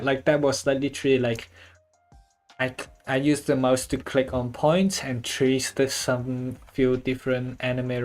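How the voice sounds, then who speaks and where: Laid-back artist talking slow while sketching, rambly, tons of likes, soft music in the back. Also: mid-range voice. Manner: rambling, loose, many filler likes; swears casually. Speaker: artist drawing on stream. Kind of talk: casual chat while drawing.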